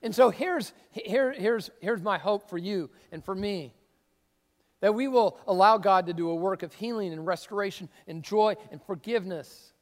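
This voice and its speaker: A man preaching a sermon as a pastor, conversational and emphatic, with sudden bursts of excitement. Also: sits high, normal speed. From Seattle area. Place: church sanctuary. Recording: long reverb of a church hall.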